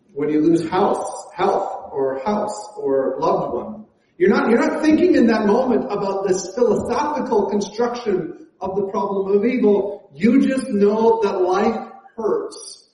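A man's voice: sits high, warm tone. A man preaching a conversational sermon as pastor, with frequent fillers and restarts. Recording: echoey church hall.

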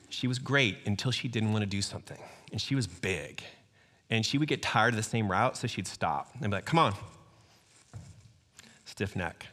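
A middle-aged man preaching a sermon in a lively, conversational storytelling way, often acting out voices. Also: medium pitch. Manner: animated, acts out quoted voices, conversational storytelling. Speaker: pastor. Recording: hall reverb.

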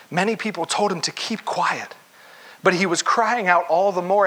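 Man preaching, kinda high voice, bright n a bit husky, tells the story with lots of feeling. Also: normal speed, low-quality recording. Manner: expressive storytelling, acts out the scene. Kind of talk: sermon.

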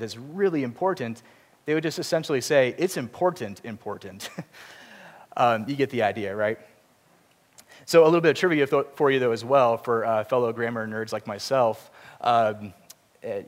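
A man preaching a sermon in a church, earnest and explanatory, with self-deprecating asides. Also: mid-range voice. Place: church sanctuary. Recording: long reverb of a church hall.

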